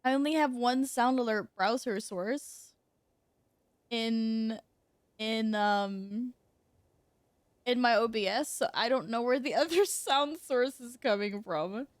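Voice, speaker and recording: Giggly lady streamer, high voice, talks slow, dry close sound. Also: no room sound. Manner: giggly, exclaiming, talks to chat. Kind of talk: casual gaming stream chat.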